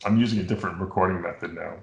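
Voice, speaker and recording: A middle-aged man from New York hosting a show, chatting casually and telling rambling, animated stories. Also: low voice, very fast, creaky, echoey room. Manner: rambling, animated storytelling with impressions. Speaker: podcast host. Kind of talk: casual chat.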